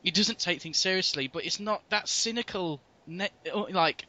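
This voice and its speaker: A man in casual conversation about films, lively and halting, often restarting his sentences. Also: sits high. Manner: animated, halting with restarts, mimics lines. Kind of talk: casual film discussion. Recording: dull lo-fi audio.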